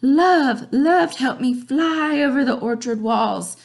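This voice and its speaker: A woman's voice: high voice, lively intonation, slow, gravelly, voice pushed up, heavily acted. A woman voicing Romeo as a lovestruck, dramatic teenage boy, speaking in a mock-swooning, over-the-top romantic way.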